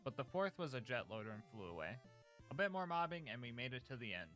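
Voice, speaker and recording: A man's voice: mid-range voice, very animated, quick pace, pushed and bright, faint music behind. A man narrating a scripted gameplay recap of a challenge run in a jokey, upbeat, slangy way.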